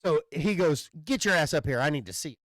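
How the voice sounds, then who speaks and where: A man's voice: fairly high pitch, animated, fairly quick, a bit bright, no echo. A man, hosting a casual chat and rambling through a story, swearing freely and restarting his sentences. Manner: rambling storyteller with loose profanity and stammered restarts. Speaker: podcast host.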